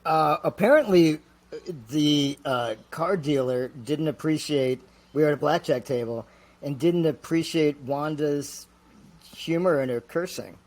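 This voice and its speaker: A man appearing as a guest, telling stories in a casual, halting way with many restarts. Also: on the high side, darkish tone. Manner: halting, full of fillers and restarts. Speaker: guest actor. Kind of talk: casual storytelling.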